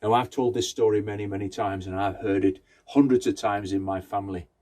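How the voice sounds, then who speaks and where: Male folk-tale teller, conversational delivery, asks the audience questions, warm dark tone. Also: fairly low pitch, steady tone, brisk. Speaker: storyteller. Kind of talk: oral folk-tale storytelling.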